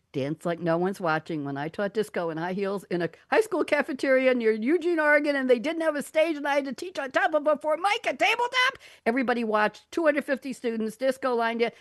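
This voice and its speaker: A woman's voice: medium pitch, no room sound. A woman hosting a live online talk show into a studio mic, playful and laughing, with theatrical readings. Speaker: radio talk show host. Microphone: studio condenser mic.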